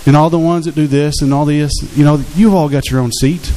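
A man's voice: a little high, fairly even intonation, fairly quick, dark tone, low-quality recording. A man preaching a sermon as pastor, in a conversational way, often asking the congregation questions. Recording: faint hiss in the background.

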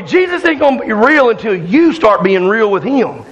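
A man preaching a fiery sermon, loud and hollering, calling out to his congregation in a church. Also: high voice, sing-song, moderate pace, a crowd in the background, poor audio. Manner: loud, hollering Southern-style preaching with call-outs to the congregation. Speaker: pastor.

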